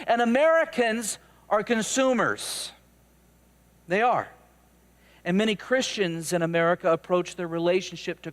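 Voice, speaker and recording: Male pastor, high voice, chatty animated sermon, stammery restarts.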